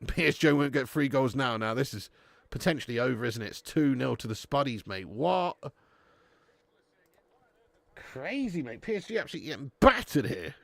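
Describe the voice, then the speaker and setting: A man's voice: medium pitch, sing-song, moderate pace, gravelly, no room sound. A young man hosting a live football watch-along, swearing and bantering with his chat. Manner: sweary banter, bursts into shouting commentary on goals.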